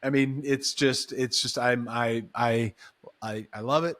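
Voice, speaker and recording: A man's voice: medium pitch, steady tone, unhurried, fairly bright tone. A man hosting a casual chat, friendly, agreeing often and restarting his sentences. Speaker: host.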